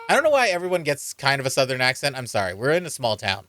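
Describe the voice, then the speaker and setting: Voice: mid-range voice, big pitch swings, fast talker, hardly any pauses, fairly bright tone, soft background music. A streamer giving casual, amused let's-play commentary and reading game dialogue aloud.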